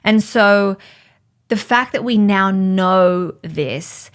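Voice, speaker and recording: A woman's voice: mid-range voice, extremely slow, clean tone. A woman with a mid-range voice talks in a casual podcast chat. She explains her ideas earnestly, with a loose, conversational rhythm and a lot of "like.". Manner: earnest, explanatory, uses "like" often. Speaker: podcast co-host.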